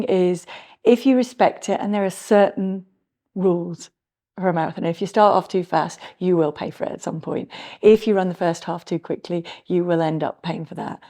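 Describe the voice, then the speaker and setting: A middle-aged woman, a former marathon runner, telling her story as a podcast guest in an animated way. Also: on the low side. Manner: animated storytelling with laughs, acts out her own thoughts. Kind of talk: podcast interview, reflective storytelling.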